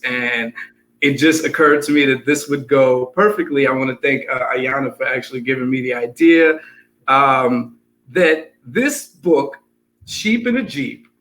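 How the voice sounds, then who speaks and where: A man chatting casually on a video call, who puts on a raspy voice to rap a picture book over a hip hop beat. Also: mid-range voice, a bit bright, poor audio. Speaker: children's book rapper.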